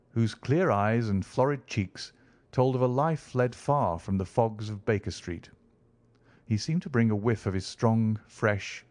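A man narrates a classic story in an even, measured manner. His voice is fairly low. The recording is dry and close to the mic. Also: no room sound. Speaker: audiobook narrator. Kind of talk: scripted narration.

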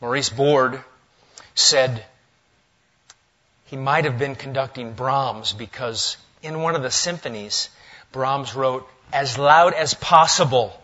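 A male pastor preaching a sermon in a church, lively and swinging between loud, emphatic lines and hushed asides. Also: mid-range voice, takes it slowly, lo-fi sound. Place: church sanctuary.

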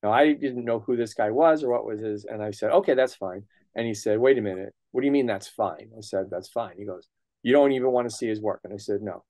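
In a lowish voice at a quick pace, with no echo, a middle-aged comics writer and colorist recounts anecdotes during an interview. He's a lively storyteller who voices the dialogue he quotes and drops casual swearing.

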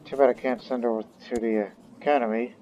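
A man's voice: medium pitch, fairly even intonation, a little fast, warm tone, muffled recording, a little hiss or hum. A man giving casual gameplay commentary as a let's play host, chatting to the characters on screen. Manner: chatty, talks to game characters.

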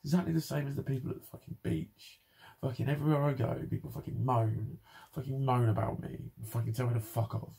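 A man's voice: medium pitch, steady tone, fairly quick, vocal fry, warm tone, breathy edge. A young man ranting in a personal vlog, swearing constantly and sounding frustrated and bitter. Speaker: vlogger. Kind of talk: angry personal vlog rant.

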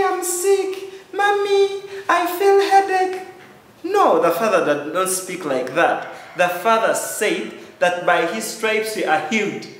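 A man teaching a children's sermon in church, asking "Amen?" and repeating key lines. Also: high-pitched. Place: church hall. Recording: very echoey church hall.

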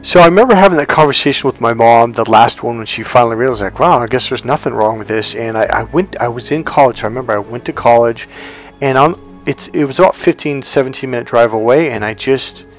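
A man's voice: mid-range voice, fast, faint music behind. A middle-aged man and life coach tells a personal story in a casual, profane way, acting out bits of dialogue. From California.

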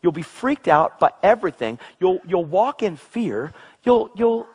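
Man, preacher, husky voice, very lively pitch, excitable sermon delivery. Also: unhurried. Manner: excitable, exclamatory, swings between low intensity and high outbursts.

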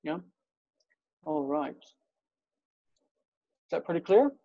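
A man with a mellow, gravelly voice teaches an online class. He explains patiently and walks through examples step by step. His voice sounds muffled and close, like dull video call audio with no room around it. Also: a little high, big pitch swings, slow pace, no echo. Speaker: Hebrew teacher.

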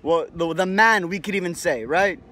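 A man's voice: high-pitched, normal speed, sharp tone, slight background noise. A young man giving a casual, rambling motivational monologue to his viewers, swearing freely and tagging sentences with "right?". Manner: rambling, profane, lots of "right?" tags. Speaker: video host.

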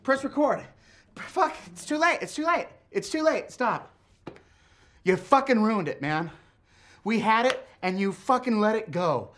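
A profane, bossy rock singer. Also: male voice, sits high, lively intonation, measured pace. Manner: profane, impatient, bursts into shouting and singing. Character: brash, bossy young male rock musician. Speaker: band leader. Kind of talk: improvised film comedy. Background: loud guitar playing.

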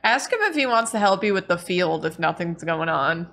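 A woman co-hosts a casual game stream with a bright, sharp voice. She is playful and keeps cracking jokes as she chats. She laughs easily. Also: lowish voice, expressive, normal speed. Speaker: stream co-host. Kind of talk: casual let's-play chat.

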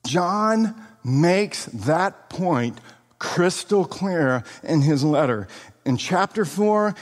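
A man delivering a sermon in an earnest, emphatic way, recorded in a hall. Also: fairly high pitch. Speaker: preacher. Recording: long hall reverb.

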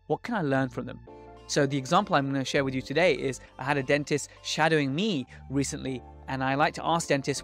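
A man's voice: medium pitch, a little fast, a bit bright, faint music behind. A man hosting a dental podcast, giving an earnest, explanatory intro and then greeting his guest. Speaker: podcast host and dentist. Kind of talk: scripted podcast intro and interview.

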